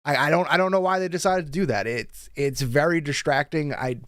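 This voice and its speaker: A man's voice: on the high side, a little fast, no room sound. Laughing male podcast co-host, dry sound. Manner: animated, laughs often, swears casually. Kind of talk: casual chat.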